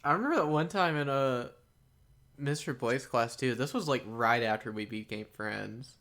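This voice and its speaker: Relaxed young man, casual laughing chat. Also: mid-range voice, normal speed. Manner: relaxed, laughs between remarks. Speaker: podcast co-host.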